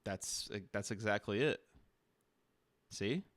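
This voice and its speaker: A man's voice: lowish voice, a bit bright, dry recording, clean studio sound. A man streaming a casual chat with an AI character, teasing and playful. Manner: teasing, playful, quick to laugh.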